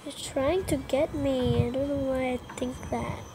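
A woman's voice: high voice, steady tone, unhurried, vocal fry, background noise. A woman giving casual commentary while playing a game, chattering nervously, putting herself down and bursting into exclamations. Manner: nervous, self-deprecating chatter with frequent exclamations. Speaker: gameplay vlogger.

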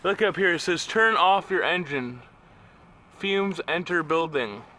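A man vlogging with his family, talking excitedly to a handheld camera. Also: on the high side, unhurried. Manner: excitable, exclaiming, narrating to the camera. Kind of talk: casual family vlog. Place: outdoors in a built-up area. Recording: outdoor ambient noise.

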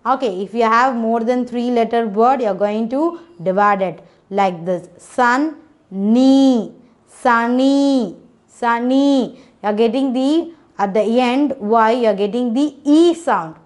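Slow-spelling woman phonics teacher. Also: on the high side, a little mellow. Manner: slow, spells letters one by one, repeats words; frequent "okay" checks with the children. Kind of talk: children's phonics lesson.

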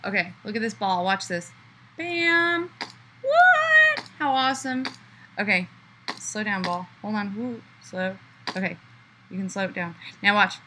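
A woman author chatting excitedly from a hotel room, gushing with enthusiasm. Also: medium pitch, moderate pace, noisy background. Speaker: children's book author. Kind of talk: casual excited video chat.

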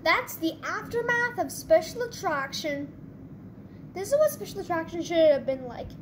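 A woman hosting her channel, giving excitable gameplay commentary with quick reactions. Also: very high voice, slight background noise. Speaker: channel host.

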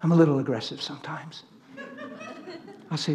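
Animated man preaching in a reverberant hall. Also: a little high, moderate pace, a little hiss or hum. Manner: animated, swings from loud laughing to near whispers. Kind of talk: sermon with storytelling.

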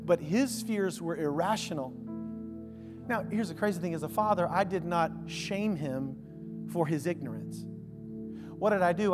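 A man preaching a conversational sermon, swinging from loud emphasis to hushed, drawn-out words. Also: high voice, long reverb tail. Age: adult father of a young son. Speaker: pastor. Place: church sanctuary. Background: soft instrumental music.

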